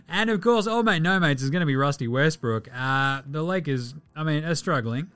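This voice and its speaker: An Australian man hosting a casual sports podcast, joking, swearing and jumping into bursts of excitement. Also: on the high side, normal speed, clear, resonant tone. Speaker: podcast host.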